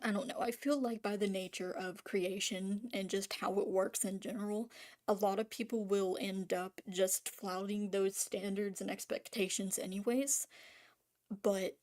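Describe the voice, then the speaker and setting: A woman's voice: medium pitch, fairly even intonation, unhurried, darkish tone. A woman ranting casually on camera about making art, rambling and swearing, full of restarts and trailing fillers. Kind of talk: casual spoken rant.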